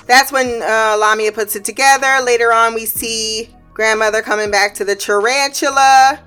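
A woman's voice: on the high side, steady tone, moderate pace, pushed and bright, soft background music. A woman giving a casual, laugh-filled recap of a show, swearing freely and throwing in slangy asides. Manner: acts out characters' lines while retelling.

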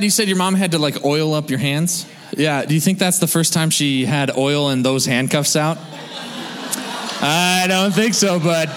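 A man's voice: on the high side, noisy background. A man hosting a live storytelling show, joking and chuckling as he introduces the next storyteller. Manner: joking, chuckling between remarks. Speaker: host. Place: hall with audience. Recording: long hall reverb, clear room ambience.

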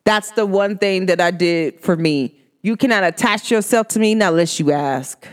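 A woman's voice: fairly low pitch, moderate pace. A woman who reads energy and makes candles, talking bluntly and with animation in a casual podcast monologue. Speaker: spiritual reader and candle maker.

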